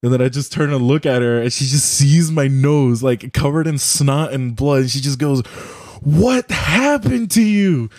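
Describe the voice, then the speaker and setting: A man's voice: mid-range voice, fairly even intonation, normal speed, few pauses, darkish tone, dry recording, studio quality. A young man chatting casually on a voice call, telling a profane, rambling story full of "like" and restarts. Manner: rambling, profane, heavy use of "like". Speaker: podcast co-host. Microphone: computer mic on a voice call.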